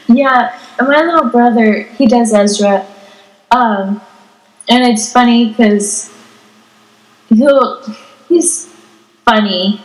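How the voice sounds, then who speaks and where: A woman's voice: on the high side, drawn-out words, pauses often, reverberant, low-quality recording. A teenage girl co-hosting a podcast, chatting casually and giggling as she acts out what people said. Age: teens. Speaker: podcast co-host. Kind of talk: casual chat.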